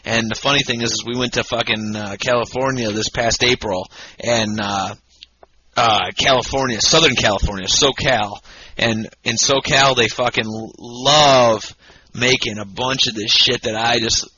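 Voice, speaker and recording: A drunk man co-hosting a podcast, rambling loudly and swearing constantly in casual banter. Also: mid-range voice, moderate pace, husky, muffled recording. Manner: profane, rambling, loud and excitable. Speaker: podcast co-host. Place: home podcast setup, Michigan.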